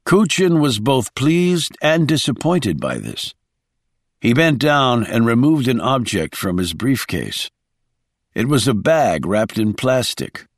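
A man narrating a thriller audiobook in a calm, measured way. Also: medium pitch, no room sound, clean studio sound.

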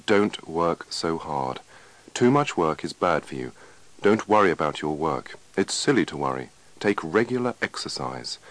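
A man reading the part of a doctor in a scripted lesson dialogue, firm, reassuring and measured. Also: very deep voice, big pitch swings, a bit bright, no echo, heavily acted. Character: calm, firm male doctor giving advice.

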